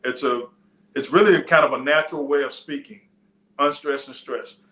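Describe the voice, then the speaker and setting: A man's voice: on the high side, fast talker, pushed and bright, echoey room. A man preaching a sermon in a loose, conversational teaching style, with frequent restarts and side stories. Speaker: pastor. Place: church.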